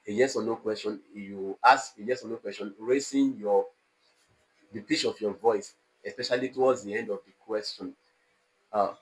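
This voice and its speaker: A man lecturing an online exam-prep class, slow and deliberate, repeating example phrases with exaggerated rises and falls in pitch. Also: rough recording. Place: online class studio with a technician.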